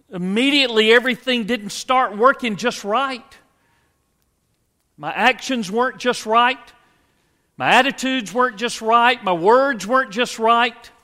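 A man's voice: very high-pitched, unhurried, pushed and bright. A man preaching a sermon as pastor, earnest and conversational, asking the congregation rhetorical questions. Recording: long hall reverb.

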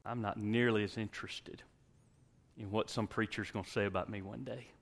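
A male pastor preaching a sermon and leading a closing prayer, emphatic, swinging from loud exhortation to hushed tones. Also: fairly low pitch, steady tone, moderate pace, gravelly. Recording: long hall reverb.

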